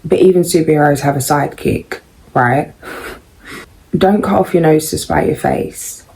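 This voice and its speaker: A woman doing a casual tarot reading, musing and unhurried, with frequent pauses and ums. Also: sits low, a little mellow, low-quality recording. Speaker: tarot reader.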